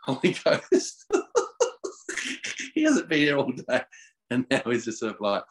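A man's voice: medium pitch, wildly swooping pitch, takes it slowly, low-quality recording. A middle-aged man, a podcast guest, talking in a casual spiritual way and praying, laughing often and repeating his words. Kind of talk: casual spiritual chat and prayer.

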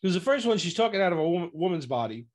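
A man's voice: high voice, quick pace. A man casually recapping a TV episode with friends, acting out the characters' lines as he goes. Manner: animated, acts out quotes.

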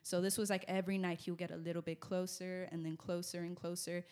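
A woman's voice: fairly low pitch, fast talker. Young woman telling a spooky story. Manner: animated, rambling with fillers. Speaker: guest. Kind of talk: casual storytelling. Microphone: podcast mic close to mouth.

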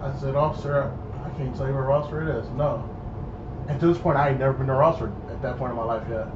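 A young man telling a casual story, animated and acting out the people in it. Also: medium pitch, fast. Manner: animated, acts out voices in his story. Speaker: storyteller guest. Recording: echoey dull room with noise.

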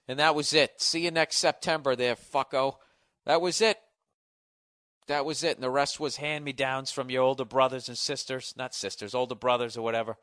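A man hosting his own podcast, delivering a loud, sarcastic comedic rant full of swearing. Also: medium pitch, no room sound, clean studio sound. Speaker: podcast host. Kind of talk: profane comedic monologue.

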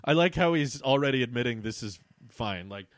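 A young man reading his old childhood book aloud and joking about it in an incredulous, animated way. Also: medium pitch, a little fast, no room sound. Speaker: video host.

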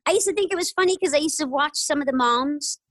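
A woman's voice: high-pitched, fast talker, no room sound, rough recording. A woman in an interview, telling stories in a chatty, casual way, with lots of "like" and "you know" and frequent laughter. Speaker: interview guest. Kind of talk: casual storytelling.

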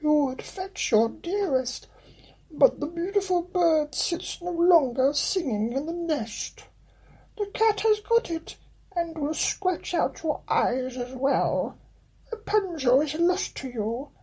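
A man voicing a wicked old female enchantress in a shrill, mocking falsetto for a bedtime story reading. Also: lively intonation, takes it slowly, darkish tone, exaggerated voice, rough recording.

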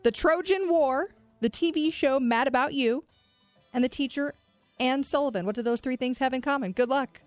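A woman co-hosting a morning radio show, bubbly and quick to laugh, talking into a studio microphone. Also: sits high, darkish tone, no room sound, faint music behind. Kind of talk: upbeat morning radio chat.

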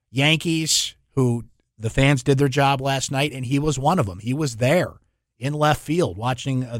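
A man hosting a sports talk radio show in a studio, chatty and energetic, laughing often. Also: mid-range voice, no echo.

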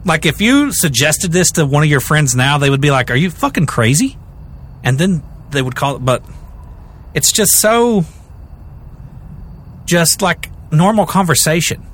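A man's voice: fairly high pitch, measured pace, long pauses. A young adult man co-hosting a podcast, casually telling a true crime story with jokes and restarts. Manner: animated, rambling, jokey, with many restarts.

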